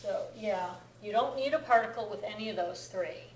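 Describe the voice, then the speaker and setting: A woman's voice: medium pitch, normal speed, far from the mic, a little hiss or hum. A middle-aged woman teaching a class, explaining patiently and often checking that students follow. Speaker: Japanese language teacher. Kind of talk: classroom lecture. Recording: echoey classroom recorded from afar.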